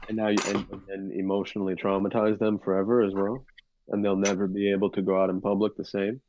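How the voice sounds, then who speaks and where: A man's voice: fairly low pitch, completely flat delivery, quick pace, dull audio, slight background noise. A man in his twenties co-hosting a podcast, talking casually and rambling with many fillers and restarts. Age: 20s. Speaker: podcast co-host. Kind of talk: casual chat.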